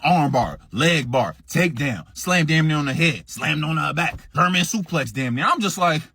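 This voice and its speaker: A man telling a story in a casual storytime, animated and profane, acting out what others said. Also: a little high, normal speed, husky, no room sound, studio quality.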